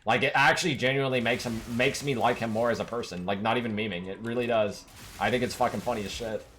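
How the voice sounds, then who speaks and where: A man's voice: mid-range voice, steady tone, fast, fairly bright tone, a little hiss or hum. A man streaming a game, talking casually to his chat in a rambling, profanity-laden rant that keeps circling back to one point.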